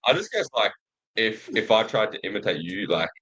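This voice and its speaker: A man's voice: on the low side, big pitch swings, fairly quick, a bit bright, breathy edge, poor audio. A young Australian man cohosting a betting show, talking in an easygoing, hesitant way with lots of fillers. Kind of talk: casual betting chat.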